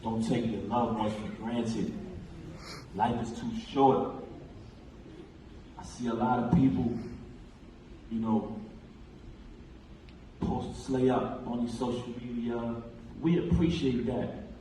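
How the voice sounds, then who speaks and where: A man's voice: medium pitch, fairly even intonation, slow, long pauses, dark tone. A man giving an impassioned, emphatic eulogy at a memorial, recounting talks with his late friend, speaking in a large theater hall. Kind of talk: memorial speech. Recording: echoey hall, distant pickup, faint noise.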